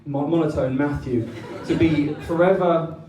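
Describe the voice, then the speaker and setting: A man giving a teasing wedding speech, pausing often with ums. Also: fairly high pitch, fairly even intonation, dark tone, a little hiss or hum. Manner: teasing, with many ums and pauses. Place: wedding reception hall. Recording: echoey room, mic from far off.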